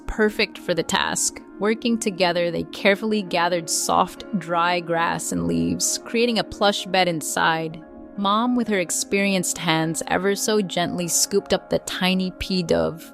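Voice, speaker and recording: A woman narrating a children's bedtime story in a soft, gentle, unhurried way. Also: lowish voice.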